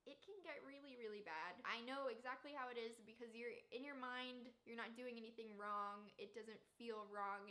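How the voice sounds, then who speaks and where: Young female vlogger, bright higher voice, earnest and emotional, unscripted talk to camera.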